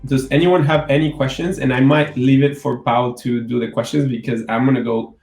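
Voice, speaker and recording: Gravelly-voiced man presenting in an echoey room. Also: medium pitch, fairly even intonation, brisk, a little mellow, faint music behind. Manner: hesitant, with fillers and self-corrections. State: unwell, needs cough medicine. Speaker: webinar presenter. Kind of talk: presentation wrap-up.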